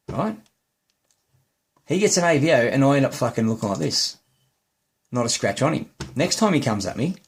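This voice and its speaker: An Australian man with a medium-pitched, slightly rough voice delivers an angry, heated ranting monologue. He swears heavily and keeps restarting his sentences.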